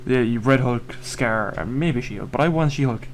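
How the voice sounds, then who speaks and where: A man's voice: mid-range voice, moderate pace, slight background noise. A man rambling through a casual chat, often restarting his sentences. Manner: rambling, restarts, acts out characters' lines. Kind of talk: casual chat about superheroes.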